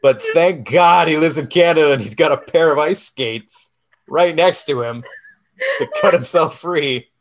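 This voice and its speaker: A man's voice: fairly high pitch, a little slow. A man co-hosting a podcast in casual chat, dropping dry joking asides. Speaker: podcast co-host.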